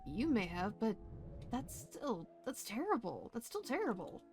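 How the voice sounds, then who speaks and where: A woman voicing a gentle young man, an old school friend, who speaks softly and earnestly. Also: fairly high pitch, sing-song, a little slow, music in the background, pitched above the performer's own voice. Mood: sympathetic.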